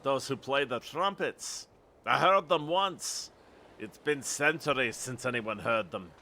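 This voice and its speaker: A man voicing a paranoid old Scottish lighthouse keeper in a put-on Scottish accent, with a rough, ominous way of talking. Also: mid-range voice, unhurried, pushed and bright. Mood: wary.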